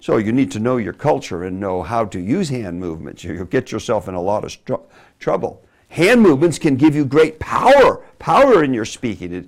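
Emphatic male preacher teaching a class, lively up-and-down delivery. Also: mid-range voice. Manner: animated, emphatic delivery with sudden drops to a quiet voice. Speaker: preacher teaching public speaking. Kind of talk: preaching lesson on speaking.

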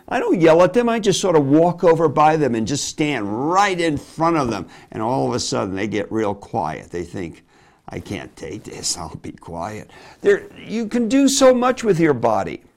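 Man, preacher-style teacher, lively swooping pitch, fairly high voice, emphatic then hushed. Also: moderate pace. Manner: animated, emphatic delivery with sudden drops to a quiet voice. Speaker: preacher teaching public speaking. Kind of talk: preaching lesson on speaking.

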